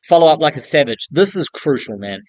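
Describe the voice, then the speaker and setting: A man's voice: fairly high pitch, big pitch swings, a little fast, darkish tone, no room sound. Blunt man coaching with a dry sound. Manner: direct coaching tone, often ends points with "okay?"; blunt, casual slang. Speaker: building contractor coaching newcomers. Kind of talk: casual advice vlog.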